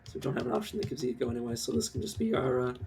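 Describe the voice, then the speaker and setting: A man's voice: mid-range voice, big pitch swings, racing, gravelly, darkish tone, soft background music. A man streaming a game live, ranting casually with lots of swearing and filler words. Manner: rambling rant, swears, many fillers. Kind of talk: casual live-stream commentary while gaming.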